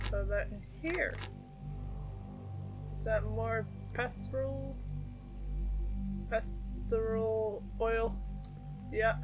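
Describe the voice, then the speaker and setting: With a fairly high, fairly bright voice, a young woman streams herself playing a horror game, chatting casually and reacting aloud to every action. Faint game music can be heard behind her.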